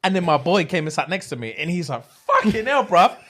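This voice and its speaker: A young man, co-hosting a podcast in casual chat, telling a story with lively acted-out voices and frequent laughter. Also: fairly high pitch, fast. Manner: animated storyteller acting out voices, laughing often. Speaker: podcast co-host.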